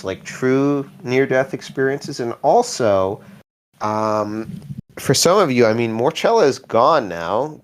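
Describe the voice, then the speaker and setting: A man narrating as game master in a casual, playful, rambling way, with many fillers. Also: lowish voice.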